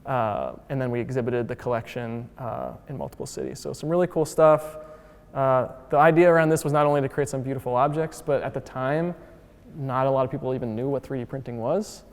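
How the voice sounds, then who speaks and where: A museum founder gives a casual lecture in a reverberant hall, his mid-range voice brisk. Chatty and upbeat, he leans heavily on "like" and "uh," and acts out quotes by shifting his voice.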